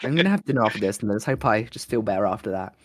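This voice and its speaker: Guy, voice going hoarse, rambly podcast chat, dry close mic. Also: lowish voice, animated, racing, no echo. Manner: rambling, lots of "like" and restarts. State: hoarse, losing his voice. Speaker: podcast co-host and streamer. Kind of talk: casual chat.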